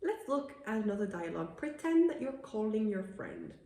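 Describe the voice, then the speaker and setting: A woman teaching in a video lesson. She explains patiently in a chatty way and reads the example sentences slowly and clearly. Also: mid-range voice, huge pitch swings, mellow, echoey room. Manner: chatty, laughs at her own examples. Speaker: Italian language teacher.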